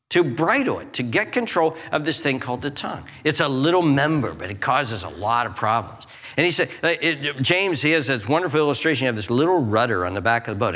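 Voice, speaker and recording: A man delivers a sermon in a church, his bright, fairly high voice rising and dipping as he acts out prayers and inner voices. The sound carries a long reverb from a large hall. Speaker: pastor.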